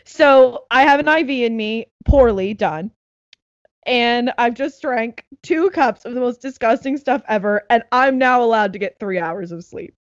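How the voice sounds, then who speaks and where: A young woman telling a story in casual chat, animated and laughing, acting out what others said. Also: fairly high pitch, unhurried, dry recording, highs cut off. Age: young adult.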